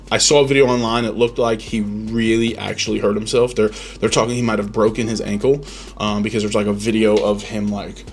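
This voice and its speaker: A man's voice: fairly low pitch, slight background noise. A man hosting a podcast, giving rambling, opinionated reactions in casual chat, full of ums and restarts. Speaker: podcast host.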